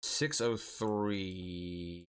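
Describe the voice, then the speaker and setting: A man's voice: low voice, fairly even intonation, drawn-out words, fairly bright tone, clean tone. A young man streaming a geography guessing game, chatting casually and musing aloud as he guesses locations.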